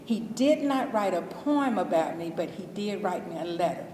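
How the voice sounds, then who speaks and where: A woman's voice: on the low side, expressive, moderate pace, a little mellow. A middle-aged woman from Alabama with a Southern accent, telling heartfelt stories in a chatty, informal way about her work as a school custodian. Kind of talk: interview testimony. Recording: echoey hall, distant mic, faint noise.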